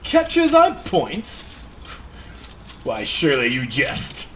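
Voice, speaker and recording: A gamer putting on a pompous old-timey English gentleman. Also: a little high, sing-song, a little slow, noisy background. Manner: stiff, theatrical archaic phrasing. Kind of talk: playful put-on voice during gameplay.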